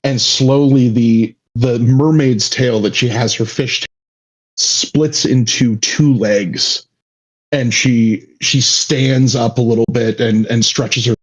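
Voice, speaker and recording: A man's voice: mid-range voice, fairly even intonation, takes it slowly, poor audio. A man running a tabletop game as game master, narrating with many halts and restarts.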